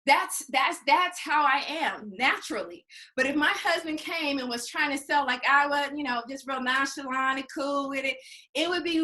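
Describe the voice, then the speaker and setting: A middle-aged woman coaching in a high, bright voice. She talks casually and laughs often. She acts out little scenes and calls her listeners honey. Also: normal speed. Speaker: business coach.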